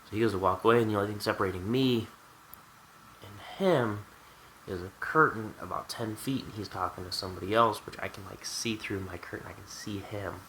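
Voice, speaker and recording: Bright-voiced man telling a candid story. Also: fairly low pitch, a little fast, slight background noise, low-quality recording. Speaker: vlogger. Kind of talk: storytime vlog.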